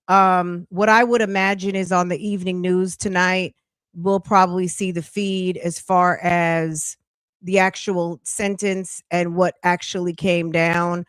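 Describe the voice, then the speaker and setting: A woman's voice: smooth, no room sound, clean studio sound. Emphatic woman streamer. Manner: emphatic, incredulous outbursts with rising pitch. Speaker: commentary streamer. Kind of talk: reacting to a court livestream.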